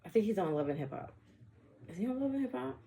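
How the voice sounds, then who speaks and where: A woman's voice: medium pitch, sing-song, fast, vocal fry, dark tone. A woman from the Bronx in a casual, rambling monologue, blunt and profane, often breaking off mid-thought with playful asides. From the Bronx, New York. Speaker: vlogger.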